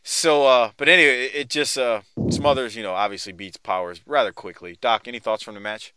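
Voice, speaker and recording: A man's voice: mid-range voice, a little fast, sharp tone, clear, resonant tone, no echo. A man from New Orleans hosting a casual chat about old wrestling, laughing often and rambling with restarts. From New Orleans, Louisiana. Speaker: podcast host.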